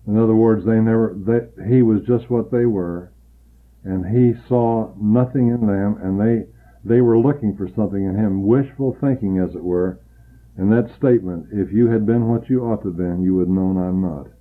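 A man preaching a sermon, earnestly building emphasis and then dropping low and quiet to tell a personal story. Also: moderate pace, narrow, tinny audio.

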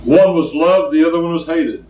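A man's voice: a little high, moderate pace. An older male preacher delivers a sermon in a plainspoken, storytelling way, driving points home by repeating them. He sounds far from the mic in a roomy space, and the recording is dull and lo-fi. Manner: plainspoken, storytelling, emphatic repetition.

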